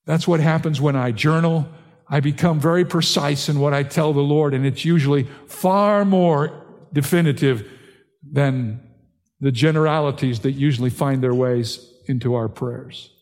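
Older male pastor, earnest sermon delivery, a touch high-pitched, recorded in a big echoing sanctuary. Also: moderate pace, a little mellow. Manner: earnest preaching, rising in pitch and force when stressing points.

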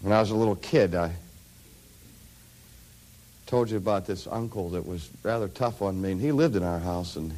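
A middle-aged male preacher with a somewhat low voice. He tells stories from the pulpit, dropping to near-whispers and then building to loud, ringing peaks. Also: normal speed, pauses often. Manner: storytelling, dynamic swings from hushed to loud. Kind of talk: sermon.

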